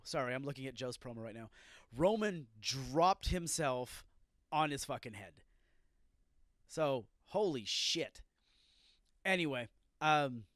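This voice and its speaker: Profane ranting man, fairly high voice. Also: fairly bright tone, no echo, clean studio sound. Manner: profane, ranting, irritated outbursts. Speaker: podcast host. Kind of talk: solo wrestling review podcast.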